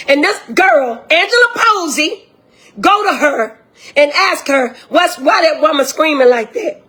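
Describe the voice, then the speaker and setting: A woman's voice: extremely high pitch, pushed and bright. An older woman, a grieving grandmother speaking in an impassioned, indignant way straight to her viewers. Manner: indignant, impassioned, repetitive direct address. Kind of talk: emotional direct-address video.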